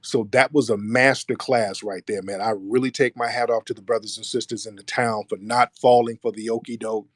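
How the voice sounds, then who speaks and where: Animated man telling a story with slang. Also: medium pitch, a little fast, hardly any pauses, husky, no room sound, studio quality. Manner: animated retelling with voiced quotes, rising when heated; slangy, streetwise speech. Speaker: commentator. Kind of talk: casual storytelling monologue.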